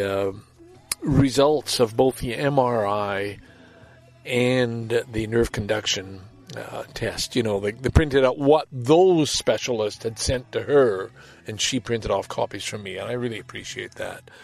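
A man's voice: lowish voice, vocal fry. A man in his seventies, a podcast host, talking casually and rambling, reading a report aloud and commenting with self-deprecating chuckles. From Canada. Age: 70s. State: walks with a walker. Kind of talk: casual solo monologue.

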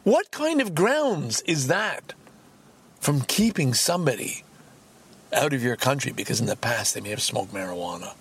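Angry, profane man with a gravelly voice. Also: mid-range voice, very animated, moderate pace, slight background noise. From Canada. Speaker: podcast host. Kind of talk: solo podcast rant.

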